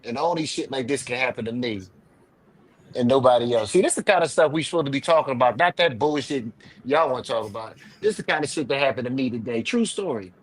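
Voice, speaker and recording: A man hosting a live online panel, telling a rambling, profane story with big swings between loud and quiet, a little drunk. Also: medium pitch, lively intonation, fast, rough recording. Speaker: live show panel host.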